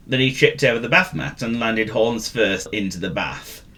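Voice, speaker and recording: A man's voice: medium pitch, moderate pace, sharp tone. A man narrating a children's story, with playful, teasing asides to the listener.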